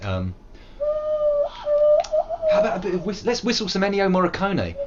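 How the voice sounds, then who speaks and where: A man's voice: sits high, huge pitch swings, moderate pace, muffled recording, very noisy. A British man in his thirties, chatting and joking casually while streaming a game live, prone to silly growls and bits of song. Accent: British English. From England.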